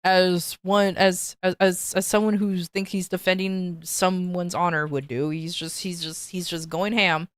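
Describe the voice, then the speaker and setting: A woman streamer casually telling a story to her viewers, animated, often restarting and repeating words. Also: lowish voice, measured pace, hardly any pauses, no echo. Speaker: VTuber streamer.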